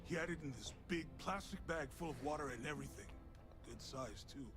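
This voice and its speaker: A man's voice: a little high, fairly quick, music in the background, natural voice. An actor playing a laid-back young male shop clerk who talks in casual slang. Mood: gossipy.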